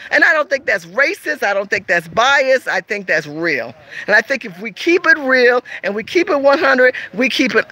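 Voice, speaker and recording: A woman's voice: fairly high pitch, sharp tone, rough recording. A woman from California hosting a casual livestream, talking emphatically and repetitively straight to her viewers as she reads their comments.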